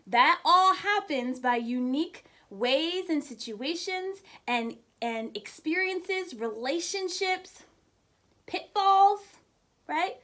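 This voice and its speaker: High-voiced woman hosting a chatty live stream. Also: lively intonation, takes it slowly, pushed and bright. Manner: chatty, laughs often, greets viewers by name. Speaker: host of a weekly live show. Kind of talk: casual inspirational live stream.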